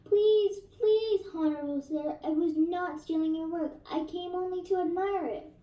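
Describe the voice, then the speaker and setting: A woman's voice: extremely high pitch, steady tone, normal speed, mellow, distant mic, pitched above the performer's own voice. A woman voicing a humble, earnest orphan boy who speaks respectfully and pleads. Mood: pleading. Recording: echoey room, voice off-mic.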